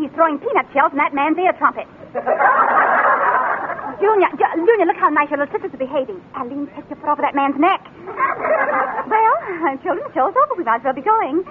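A fussy giggling mother. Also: high voice. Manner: chattering, scolding, giggling between lines. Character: fussy chatty mother with nagging laugh. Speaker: comic performer. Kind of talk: 1930s radio comedy monologue. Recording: scratchy tinny old radio recording.

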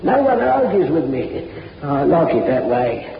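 An actor playing a cheerful old morgue attendant of about seventy, with homely, chuckling, drawn-out speech in an old-time radio drama. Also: male voice, a little high, very animated, gravelly, slight background noise, exaggerated voice. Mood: contented. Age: older. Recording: dull old radio recording with long echoey reverb.

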